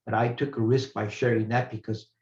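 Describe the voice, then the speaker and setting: An older man, a retired professor, giving an earnest, reflective talk as a guest speaker, pausing and restarting as he shares a personal story. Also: on the low side, level tone, a little mellow. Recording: roomy, slightly muffled recording.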